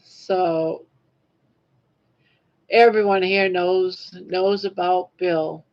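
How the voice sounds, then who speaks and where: A woman's voice: on the low side, steady tone, extremely slow, a little mellow, lo-fi sound. A woman in her sixties hosting a casual livestream, chatting emotionally with viewers and reading their comments. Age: 60s. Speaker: livestream host.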